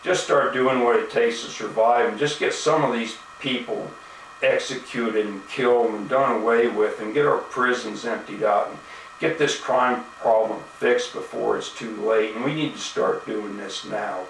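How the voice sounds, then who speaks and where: A man's voice: on the low side, steady tone, moderate pace, gravelly, a little hiss or hum. A man delivering an angry, profane video-blog rant, full of indignation and "you know" fillers. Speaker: video blogger. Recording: echoey room, mic at a distance.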